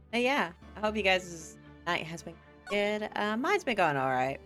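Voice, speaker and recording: A woman's voice: mid-range voice, sing-song, slow, a bit bright, faint music behind. A young woman streaming a game, chatting casually and gushing as a fan. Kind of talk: casual gameplay chat.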